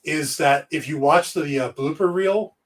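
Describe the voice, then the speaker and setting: A man's voice: on the high side, a little slow, distant mic. A man co-hosting a casual podcast chat, cracking jokes and telling stories. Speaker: podcast co-host.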